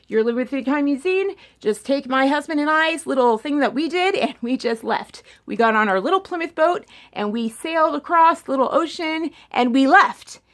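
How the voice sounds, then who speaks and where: Young woman rambling on about politics, kinda high voice, gets worked up and repeats herself. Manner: rambling, animated, repeats words. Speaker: political commentary vlogger. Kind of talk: casual opinion monologue.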